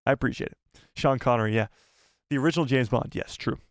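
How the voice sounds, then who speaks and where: A man's voice: mid-range voice, fast talker, dry recording, studio quality. A young man hosting a casual live stream from a small home room, chatty and laughing often as he thanks donors.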